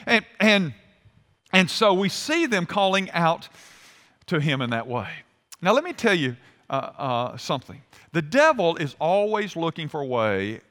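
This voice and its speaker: A man's voice: fairly high pitch, bright, forceful tone. A male pastor preaching a sermon in a church, acting out the voices of complaining people. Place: church sanctuary. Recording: hall reverb.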